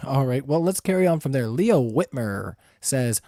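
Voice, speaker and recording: A man's voice: mid-range voice, expressive, moderate pace, dark tone, no echo, clean studio sound. A man moderating a livestream debate, reading out viewer questions and laughing easily.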